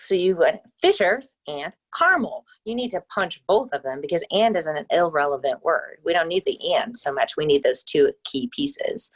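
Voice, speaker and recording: A woman with a low, grounded voice talks as a podcast guest on a remote call. She coaches listeners on their speaking, upbeat and emphatic, and leans on key words as she explains. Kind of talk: casual interview chat.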